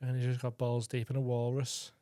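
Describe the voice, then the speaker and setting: A man's voice: medium pitch, completely flat delivery, fast, dark tone, smooth, no echo, clean studio sound. A man co-hosting a comedy podcast, tipsy from vodka, telling crude rambling stories and laughing a lot. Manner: giggly, crude, rambling storyteller. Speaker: podcast co-host.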